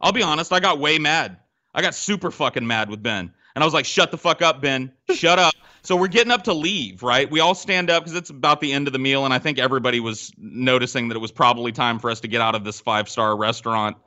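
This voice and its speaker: Bright-voiced guy telling a story on a podcast mic, lots of swearing, acts out the quotes. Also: medium pitch, quick pace, muffled recording. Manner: animated, profane, acts out quotes. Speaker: podcast guest. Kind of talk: casual storytelling.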